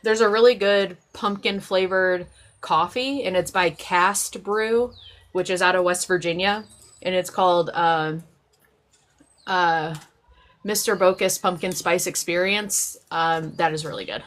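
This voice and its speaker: Woman, live stream host, casual chat, slightly low pitch, rambling. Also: a little slow, a bit bright. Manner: rambling, many fillers and restarts.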